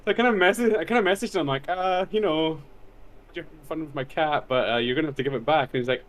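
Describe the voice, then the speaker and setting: A man's voice: a little high, fast. A man telling a rambling story in casual chat, swearing freely and laughing often. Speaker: podcast host.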